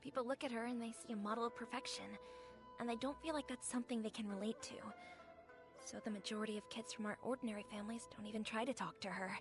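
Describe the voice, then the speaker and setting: A woman's voice: a little high, fairly even intonation, fast talker, over music, lightly acted. A woman voicing a friendly young village woman in a video game, speaking in a thoughtful, explanatory way. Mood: explaining. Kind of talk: game cutscene dialogue.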